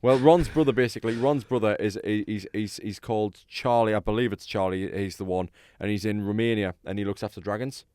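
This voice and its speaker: Tired, rambling podcast host. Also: male voice, on the low side, a little fast, few pauses, darkish tone, clean tone, dry recording, clean studio sound. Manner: rambling, laughs often. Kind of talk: casual chat.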